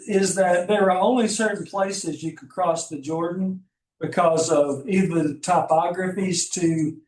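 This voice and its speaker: Middle-aged Southern man, Alabama accent, folksy Bible lecturer, slightly high voice, distant mic in a roomy hall. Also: darkish tone. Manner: folksy, conversational teaching with asides and chuckles. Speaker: Bible teacher. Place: classroom.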